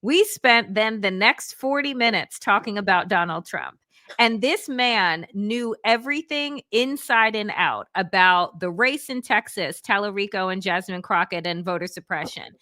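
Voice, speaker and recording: A woman political analyst in casual conversation, telling a lively anecdote and quoting others as she goes. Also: mid-range voice, a little slow, dry recording, studio quality. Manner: lively, quotes others in voices, laughs often. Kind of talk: casual chat, animated storytelling.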